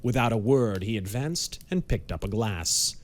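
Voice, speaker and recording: A man giving measured, dramatic narration of a pulp audiobook. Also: on the low side, animated.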